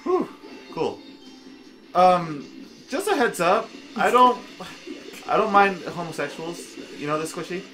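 A man's voice: high voice, sing-song, a little slow, long pauses, bright, forceful tone, faint music behind. A man chatting casually and reacting with squirmy protests to a story being read to him. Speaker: co-host reacting. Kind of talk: casual chat.

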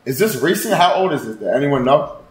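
A man streaming live, chatting casually with his viewers in a loud, profane, joking and rambling way. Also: mid-range voice, sing-song, fairly quick. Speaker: livestreamer. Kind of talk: casual livestream chat. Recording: roomy echo.

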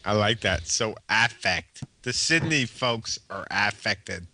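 A man co-hosting a casual late-night chat, animated and joking, swearing casually. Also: lowish voice, slow pace, slight background noise. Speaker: co-host.

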